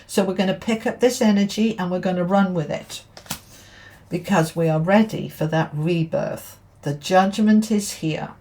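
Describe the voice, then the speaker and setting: A woman's voice: fairly low pitch, normal speed, warm tone, a little hiss or hum. A middle-aged woman giving a casual tarot reading to camera, chatting and checking in with her listeners as she goes. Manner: chatty, keeps checking in with "okay?" and "all right?". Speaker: tarot reader and spiritual teacher.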